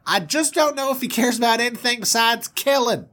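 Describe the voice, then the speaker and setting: A man's voice: very high voice, expressive, a little fast, pitched above the performer's own voice, heavily acted. A man doing a sly southern mama's drawl. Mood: doting. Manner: hushed, conspiratorial drawl. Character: scheming southern mother, doting and sly.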